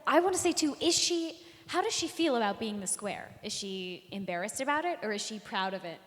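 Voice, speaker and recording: A woman gives friendly, enthusiastic feedback to a singer on stage, her talk dotted with "like" and "um". Her voice sits a little high. It rings out with a long reverb, as in a live auditorium. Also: lively intonation, fairly quick. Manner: enthusiastic, full of "like" and "um" fillers. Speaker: vocal masterclass coach. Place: stage before a live audience.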